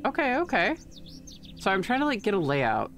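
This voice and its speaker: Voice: medium pitch, huge pitch swings, normal speed, fairly bright tone, soft background music. A game streamer giving casual, playful live commentary over gameplay. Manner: chatty, reactive, playful.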